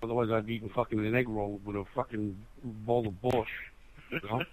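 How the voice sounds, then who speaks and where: A man's voice: lowish voice, level tone, brisk, a little hiss or hum, rough recording. Profane New York guy chatting. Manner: blunt, profane, rambling. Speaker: friend in group chat. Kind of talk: casual chat.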